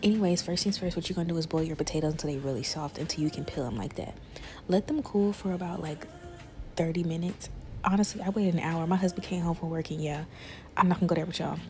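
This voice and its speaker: Soft background music plays as a young cooking creator chats with viewers while she cooks, calling them y'all and besties. She speaks at a quick pace in a lowish, darkish voice.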